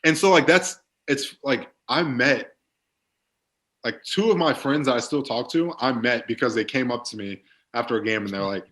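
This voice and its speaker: A man's voice: medium pitch, moderate pace, a bit bright. Laid-back young man telling stories. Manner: laid-back storytelling, many fillers. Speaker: guest, pro football player. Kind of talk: casual podcast chat.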